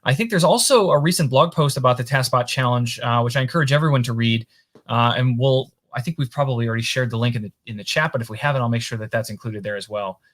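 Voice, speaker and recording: A man's voice: mid-range voice, fast talker, fairly bright tone. Guy hosting an online chat show, friendly, bit hesitant. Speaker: show host. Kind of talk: casual interview chat.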